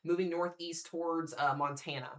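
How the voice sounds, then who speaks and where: A young man hosts a live severe weather stream, his voice on the high side, steady, a bit bright, and at a moderate pace. He talks casually and thinks aloud while reading the radar and calling out to viewers.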